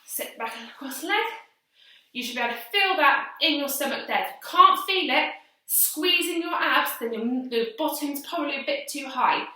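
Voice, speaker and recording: A woman's voice: high-pitched, expressive, normal speed, sharp tone. A young woman PE teacher leading children through exercises at home, giving encouraging step-by-step instructions and counting aloud while slightly out of breath from doing them herself. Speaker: primary school PE teacher. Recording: very echoey hall, distant from mic.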